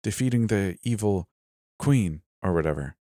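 A man voicing a desperate young man dressed as a fairy-tale prince, pleading in a strained, halting way. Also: lowish voice, animated, dark tone, no room sound, clean studio sound, lightly acted. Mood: weary, impatient.

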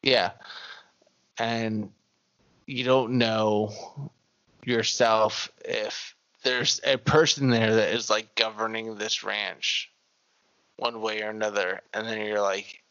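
A man's voice: fairly low pitch, little pitch movement, slow pace, pauses often, a bit bright, muffled recording. A man talking casually about a movie, laid-back and swearing freely.

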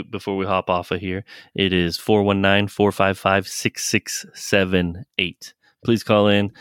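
A man's voice: on the low side, fairly bright tone, smooth, no echo, clean studio sound. A man hosting a podcast in casual chat, laughing often and asking callers to phone in. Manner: laughs often, unhurried, reads out the call-in number. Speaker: podcast host.

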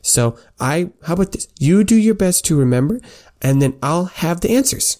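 An eager young woman scholar, voiced by a man, her pitch pushed well up. She gushes and bubbles, quick to tease, in a tabletop game. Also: natural voice. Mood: teasing. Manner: excited, gushing.

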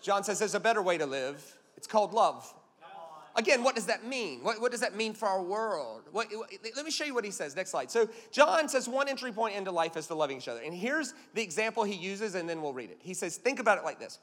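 A man's voice: high voice, big pitch swings, a little fast, fairly bright tone, big-room sound. A man preaching a sermon as a pastor, emphatic and punchy, telling stories with jokes.

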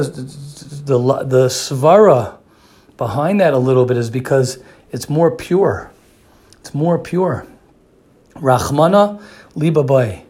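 A man's voice: medium pitch, darkish tone. A man giving a sermon who repeats phrases for emphasis and often restarts his sentences. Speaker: religious speaker.

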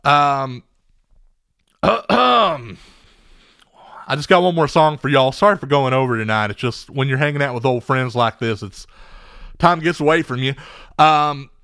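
A man's voice: medium pitch, a little slow, pauses often, pushed and bright, clear, resonant tone, dry recording, studio quality. A man hosting a radio show in scripted comedic banter, emotional and rambling, with frequent sighs and repeated words.

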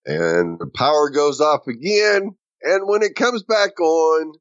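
A man's voice: fairly high pitch, lively intonation, slow pace, dry recording. Man recapping plot on a muffled mic. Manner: narrates plot points, laughs along. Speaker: podcast co-host.

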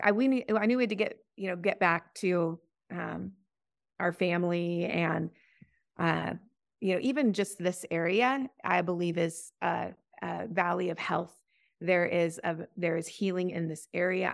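A middle-aged woman sharing her faith story in an interview, earnest and halting, often restarting her sentences. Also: creaky, no echo, studio quality. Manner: earnest, halting, many restarts, rises high when recalling prayers. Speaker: podcast guest. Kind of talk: testimony in an interview.

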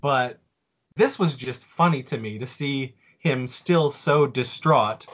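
A man's voice: medium pitch, takes it slowly. Chatty man rambling through a story. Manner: rambling, with many fillers and restarts. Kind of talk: casual nostalgic storytelling.

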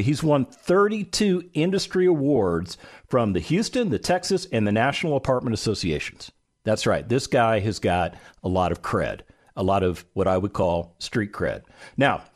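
A middle-aged man hosting a radio talk show, animated and playful, building up his guest with emphatic asides. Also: mid-range voice, normal speed.

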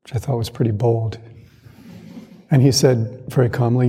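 A man giving a calm, reflective dharma talk as a Zen monastic teacher, speaking in a measured way with pauses. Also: medium pitch, slightly rough. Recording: long hall reverb.

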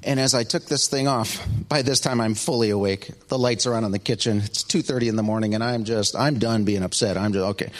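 A middle-aged man preaching a sermon, telling a story with big swings between loud excitement and hushed asides. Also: on the low side, fairly quick, few pauses. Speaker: pastor.

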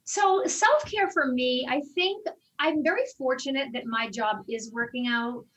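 Woman, fitness instructor, casual interview chat, animated storyteller, somewhat high voice, slightly distant from mic. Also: a little slow. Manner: animated storyteller, acts out quoted exchanges.

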